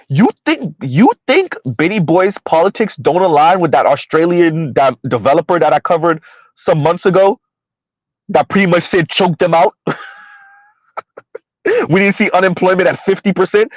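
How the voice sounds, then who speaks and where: A man's voice: high-pitched, lively intonation, normal speed, dry recording, muffled recording. A man hosting a ranting commentary video, heated and repetitive, firing rhetorical questions at his viewers. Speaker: commentary channel host.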